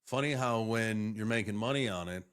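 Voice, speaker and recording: A man's voice: fairly low pitch, normal speed, clear, resonant tone. A man hosting a casual live crypto reaction stream, rambling and swearing as he reacts to clips. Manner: rambling, profane, animated.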